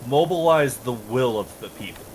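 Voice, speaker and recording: A man rambles through his opinions in casual stream chat, cursing freely. His pitch sits in a middle range. Steady background noise sits under the voice. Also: normal speed, rough recording. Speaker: streamer co-host. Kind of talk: casual chat while gaming.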